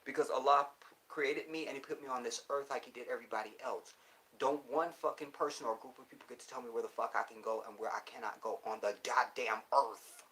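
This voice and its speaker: A male livestream host in loose, casual chat, answering viewer comments with blunt profanity. He lectures in emphatic bursts and keeps checking in with his audience, with a voice of middling pitch for a man. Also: fast talker, a bit bright. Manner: preachy, keeps checking in with the listener.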